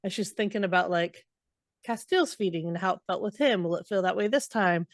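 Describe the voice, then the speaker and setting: A woman's voice: lowish voice, brisk, dry recording. A woman co-hosting a book podcast, talking in a chatty, rambling way with plenty of asides. She hesitates often as she recaps the story. The recording is dry and close. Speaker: podcast co-host. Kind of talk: casual book recap chat.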